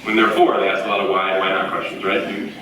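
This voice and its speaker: A man in his forties giving an earnest, animated motivational talk in a university event hall. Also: sits low, fast talker, slight background noise. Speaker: keynote speaker. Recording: echoey hall, far from the mic.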